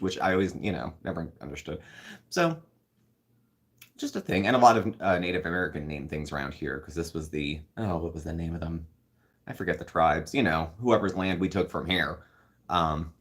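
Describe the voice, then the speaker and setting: A man with a low voice hosts a relaxed live-stream chat. He rambles from one thought to the next and answers viewer comments as they arrive. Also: normal speed. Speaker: host.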